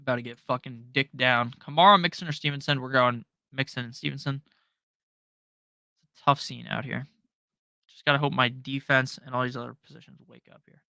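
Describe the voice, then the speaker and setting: A young man hosting a live fantasy football stream, firing off quick, profane answers to viewer questions from his home setup. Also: medium pitch, fairly even intonation, vocal fry, pushed and bright, dry recording. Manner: fast, profane, joking, reads viewer questions aloud. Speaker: fantasy football livestream host. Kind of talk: rapid-fire live Q&A.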